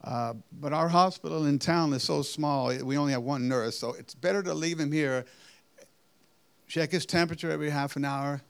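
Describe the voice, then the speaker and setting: A man quoting a calm country doctor. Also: a little high, normal speed, creaky, clean tone. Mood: matter-of-fact. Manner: plain, matter-of-fact advice.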